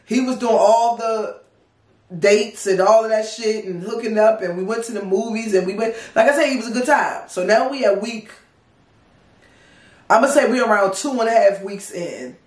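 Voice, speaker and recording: A woman in her thirties from the Washington DC area, telling a personal story in a casual, profane, animated and wry way. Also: on the high side, moderate pace. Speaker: storytime vlogger. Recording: roomy sound, distant from mic.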